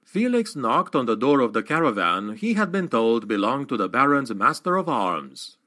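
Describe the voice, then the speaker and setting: A man narrating a fantasy audiobook in an expressive, dramatic reading. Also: mid-range voice, normal speed.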